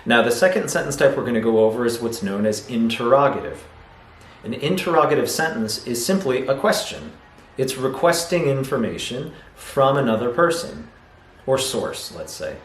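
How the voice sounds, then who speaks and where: A man's voice: mid-range voice, sing-song, normal speed. A man teaching a video lesson on English grammar, explaining patiently and acting out example sentences. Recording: roomy echo, faint noise.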